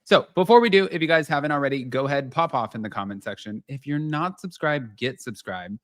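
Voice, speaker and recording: A man hosting a casual celebrity gossip show, chatty and animated, talking straight to his viewers in a slightly nasal voice. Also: mid-range voice, a little fast, dry recording, clean studio sound. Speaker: host.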